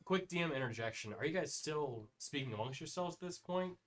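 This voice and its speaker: A game master running a tabletop game, making brisk rulings and quick checks with the players. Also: mid-range voice, expressive.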